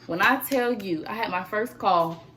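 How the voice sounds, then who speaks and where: A woman's voice: medium pitch, moderate pace, slight background noise. Chatty teenage girl vlogger. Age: teens. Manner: animated, chatty storytelling. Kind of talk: casual chat.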